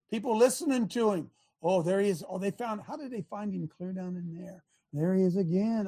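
Husky preacher man, sarcastic shouts. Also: high-pitched, moderate pace. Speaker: pastor and radio host. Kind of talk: preaching radio talk.

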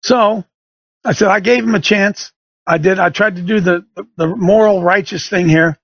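A man's voice: high voice, moderate pace, a bit bright, no room sound, dull audio. A middle-aged man hosting a show, telling a folksy story and turning it into an emphatic sermon-like lesson for listeners. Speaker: show host. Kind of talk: preaching radio monologue. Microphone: studio microphone.

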